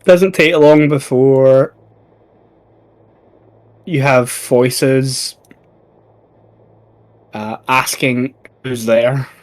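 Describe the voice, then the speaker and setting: A man narrating as game master of a tabletop game, unhurried and hesitant. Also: medium pitch, steady tone.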